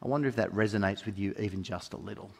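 A man preaching a sermon, swinging between soft, intimate moments and loud, emphatic ones, and repeating key phrases for weight. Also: on the low side, racing, gravelly.

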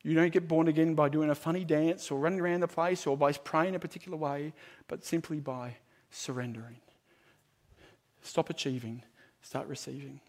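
Man, preacher, evangelistic sermon, emphatic then hushed, high voice. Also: steady tone, normal speed. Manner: emphatic, swings from loud proclamation to hushed appeal. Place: large room with a live audience.

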